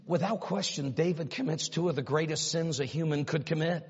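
A man preaching a sermon, retelling a story dramatically and swinging from hushed asides to loud, rising exclamations. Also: on the high side, fairly even intonation, a little fast, husky. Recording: dull sound with long reverb in a hall.

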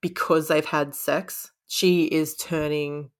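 Woman gabbing about a book she read, kinda low voice, laughs a lot, does the lines. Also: little pitch movement, takes it slowly. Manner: chatty, laughs often, acts out quotes. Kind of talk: casual chat retelling a book.

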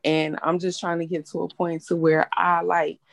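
A woman's voice: lowish voice, flat delivery, normal speed, vocal fry, no echo. A young woman hosting a casual chat, talking bluntly and candidly and swearing freely. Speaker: host.

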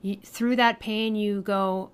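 A woman's voice: mid-range voice, steady tone, slow pace, clear, resonant tone. A woman speaks over a remote call in a mid-range voice, earnest and reflective. She talks through her beliefs in a casual back-and-forth with her co-host. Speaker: podcast co-host. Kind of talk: casual conversation.

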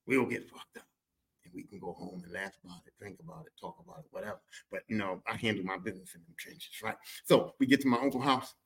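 Animated profane male storyteller. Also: fairly low pitch, fast, creaky. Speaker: podcast host. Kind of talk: comic storytelling.

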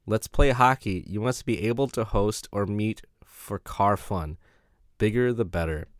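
A man voicing a tall man who places a flirty personal ad, read in a flat, deadpan way. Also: on the low side, measured pace, no room sound, clean studio sound, lightly acted.

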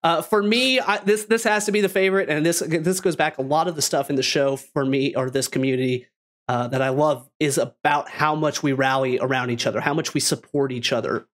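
A man hosting a casual podcast, rambling and enthusiastic with lots of restarts. His voice sits a touch higher than most men's. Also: fairly even intonation, brisk. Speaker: podcast host.

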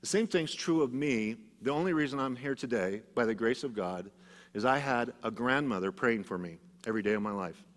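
Middle-aged guy preaching, storyteller vibe, goes loud then drops real quiet, big church echo trailing off. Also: fairly quick. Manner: storytelling preacher, swinging from loud emphatic bursts to hushed low passages. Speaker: pastor. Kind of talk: sermon. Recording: long church reverb.

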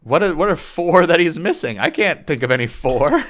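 A man's voice: on the high side, expressive, moderate pace, fairly bright tone. A man in a casual chat with friends, teasing and joking as he quizzes a friend on US states.

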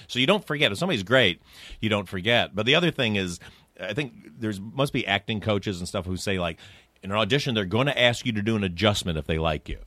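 A man's voice: lowish voice, fast talker, no room sound. A middle-aged man, a film director guest, chatting casually and acting out quotes as he tells stories. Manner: animated storyteller, acts out quotes. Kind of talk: casual podcast chat.

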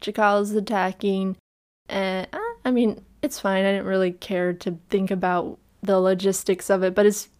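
A woman co-hosting a film podcast, recapping a movie in casual, animated chat with laughs and the odd swear. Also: medium pitch, normal speed, smooth. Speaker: podcast co-host.

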